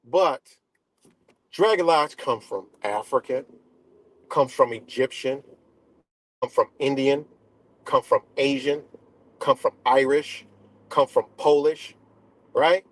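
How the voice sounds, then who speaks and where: A man hosting a live stream, ranting casually and profanely, filling pauses with "right?" and "you know?". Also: medium pitch. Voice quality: dreadlocks wearer talking in a loose, street-casual way.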